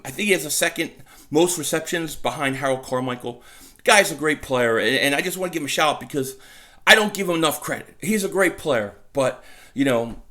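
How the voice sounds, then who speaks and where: A man gives casual fan commentary from his home mic. His voice sits a little high and comes across bright and forceful. He gets worked up easily, stammers and repeats phrases as he goes. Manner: excitable, repeats himself, stumbles over words. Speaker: sports vlogger. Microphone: desk mic.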